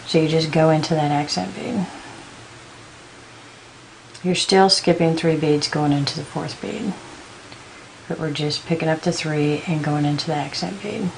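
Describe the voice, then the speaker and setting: A woman giving a patient step-by-step beading tutorial, counting out beads slowly as she works. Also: low-pitched, slight background noise, low-quality recording. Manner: patient, counts beads aloud in slow steps. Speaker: beading instructor.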